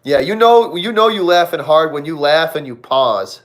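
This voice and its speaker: A man's voice: a little high, expressive, normal speed. A young man hosting a live Q&A stream, chatting casually with viewers, repeating himself often and laughing a lot. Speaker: livestream host.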